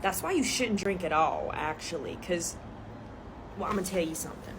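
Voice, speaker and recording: Give me a blunt old grandmother, as a woman puts her on, lecturing her grandchild in a low, quiet, matter-of-fact voice. She sounds stern and unhurried, and faint background noise sits under the recording. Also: lively intonation.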